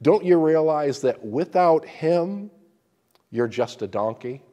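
A man voicing a wise mother donkey in a storybook tale, speaking in a gentle, chiding way. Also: a little high, animated, slow pace, in a large hall, lo-fi sound.

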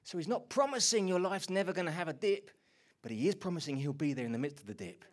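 A man preaching a sermon, moving between hushed, intimate lines and loud, energetic bursts. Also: fairly high pitch, quick pace. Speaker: pastor.

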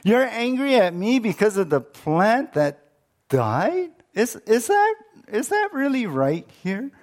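A man's voice: high-pitched, big pitch swings, slow pace, voice pushed up, full character voice. A man voicing God, who patiently asks probing questions during a sermon. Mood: questioning.

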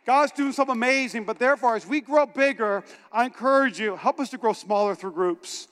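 A pastor preaches to his congregation, joking and animated and pulling the crowd in. His voice is a man's but strikingly high. It rings with the long reverb of a big church hall. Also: fairly quick. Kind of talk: energetic sermon.

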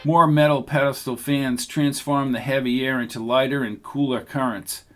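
A man reading an audiobook in steady scripted narration. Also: mid-range voice, normal speed, music in the background.

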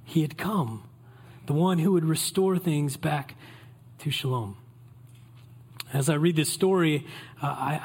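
A man preaching a Christmas Eve sermon as pastor, in a relaxed, conversational way that invites the congregation in. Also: fairly high pitch, husky.

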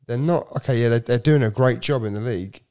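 A man in casual football podcast chat, animated and repeating himself as he argues his view. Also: medium pitch, fast talker.

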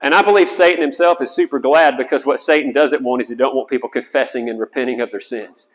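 A man's voice: mid-range voice, fast. A man, a chaplain, preaching an earnest sermon, often repeating words as he goes. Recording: dull sound with long hall reverb.

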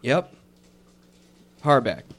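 A man's voice: medium pitch, very animated, extremely slow, a bit bright, full character voice. A man voicing a nervous young man who stammers and hesitates while he bluffs.

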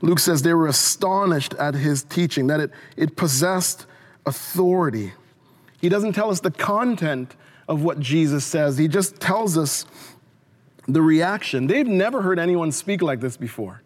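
A male pastor delivering a sermon in an earnest way, often restarting his phrases. His voice sits high for a man. A long hall reverb trails after his words. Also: lively intonation, measured pace. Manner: earnest preaching with repeated restarts, asks the congregation to respond.

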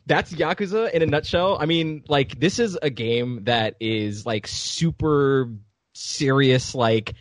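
A man's voice: medium pitch, slow, dry recording. A man on a podcast in casual chat, animatedly retelling a game scene and acting out the characters' lines. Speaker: podcast co-host.

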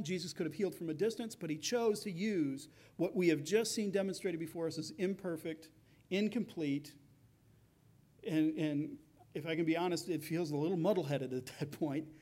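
High-voiced male pastor preaching. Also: normal speed, mellow. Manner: conversational preaching, acting out quoted voices. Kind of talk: sermon.

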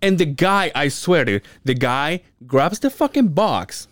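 A man's voice: on the high side, lively intonation, a little slow, fairly bright tone, no echo, clean studio sound. A man co-hosting a podcast in casual chat, telling stories animatedly, laughing often and swearing freely. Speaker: podcast co-host.

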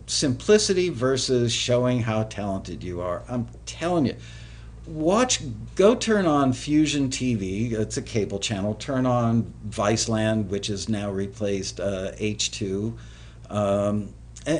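A man hosting a music production show, giving relaxed, rambling advice with many fillers. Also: mid-range voice. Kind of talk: casual instructional talk.

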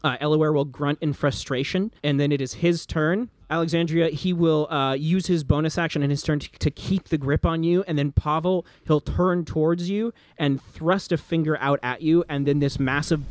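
Man, game master, narrating, descriptive, slightly high voice. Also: fairly even intonation, moderate pace, few pauses, no echo. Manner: descriptive, with fillers.

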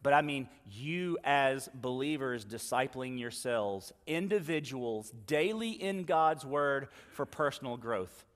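A man's voice: medium pitch, animated, slow, hardly any pauses. A male pastor preaching a sermon in a conversational, emphatic style, repeating phrases to drive each point home. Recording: long reverb of a large hall.

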